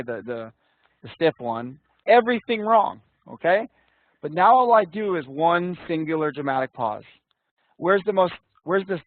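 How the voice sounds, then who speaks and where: A man's voice: a little high, no echo. A man teaching an interview prep class online, talking casually and bluntly, swearing now and then and calling on students by name. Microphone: video call. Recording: tinny dry call audio.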